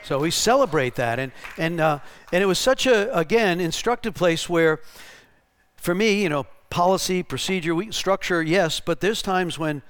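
A man preaching a storytelling sermon in an animated way, restarting and repeating words and rising to shouted bursts. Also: sits high, moderate pace, clean tone. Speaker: pastor.

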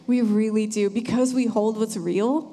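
A young woman sharing an earnest, animated church testimony. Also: on the high side, moderate pace, slight background noise. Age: young adult. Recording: hall reverb.

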